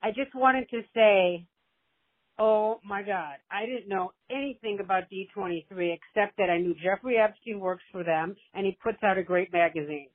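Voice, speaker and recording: A woman's voice: mid-range voice, moderate pace. A woman leaving a long, affectionate, rambling voicemail for the host. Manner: gushing and rambling, motherly. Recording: tinny phone voicemail.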